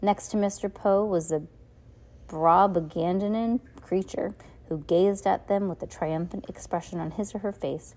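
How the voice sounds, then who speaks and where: A woman's voice: mid-range voice, steady tone, unhurried, a little mellow. A woman reading a novel aloud in a casual way, often restarting lines. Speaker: reader.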